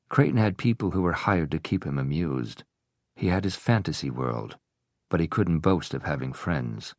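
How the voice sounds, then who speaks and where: A man narrating an audiobook in a steady, even storytelling manner. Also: very deep voice, moderate pace, dry recording, clean studio sound.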